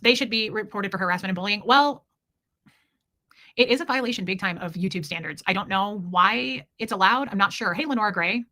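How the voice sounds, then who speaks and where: Woman livestream host, quick delivery, bright tense tone, blunt and indignant, repeats herself for emphasis. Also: mid-range voice. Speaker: livestream host reading chat. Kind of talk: casual livestream talk.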